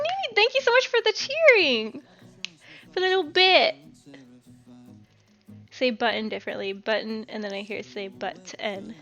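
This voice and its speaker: Bright, giggly young woman streaming. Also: on the high side, highs cut off. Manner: giggly, chatty, reads chat aloud, swears casually. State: out of breath. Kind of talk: casual live-stream chat while cooking.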